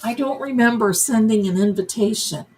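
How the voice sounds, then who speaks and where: A woman's voice: fairly high pitch, moderate pace, darkish tone, a little hiss or hum, low-quality recording. A middle-aged woman hosting a live psychic tarot reading, musing aloud and chatting to her viewers and her cats. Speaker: psychic medium livestream host.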